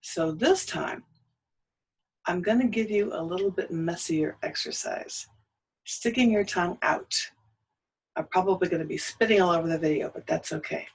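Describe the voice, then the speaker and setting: Breathy woman coaching a voice lesson. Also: on the low side, normal speed, rough recording. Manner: encouraging, cueing exercises with short prompts. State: out of breath between exercises. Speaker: singing teacher. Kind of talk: voice lesson with vocal exercises.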